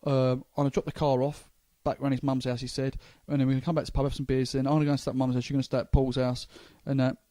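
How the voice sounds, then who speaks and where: A man's voice: mid-range voice, little pitch movement, very fast, hardly any pauses, warm tone, no echo. A man with a London accent, a comedian hosting a casual podcast chat, rambling with stammering restarts. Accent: London English. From England.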